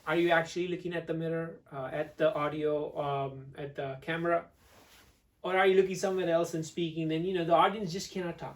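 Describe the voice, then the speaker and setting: A man teaching public speaking to camera, expressive, swinging between loud and hushed delivery. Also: on the high side, fairly quick, distant mic.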